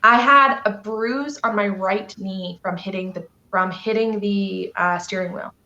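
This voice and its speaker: A woman's voice: medium pitch, a little slow, bright, forceful tone, lo-fi sound. A woman from Canada, a guest telling a personal story on a live stream, earnest and emotional, rambling with fillers.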